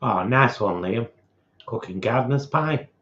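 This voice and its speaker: A man's voice: mid-range voice, expressive, unhurried, fairly bright tone, muffled recording. A man co-hosting a casual livestream, adding short dry remarks and reading out a few comments. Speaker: co-host.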